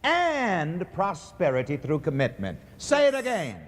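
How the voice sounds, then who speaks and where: A man preaching a call-and-response sermon in a church, leading the congregation to repeat his lines in a steady rhythm. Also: on the high side, unhurried, very noisy. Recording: echoey church hall recording.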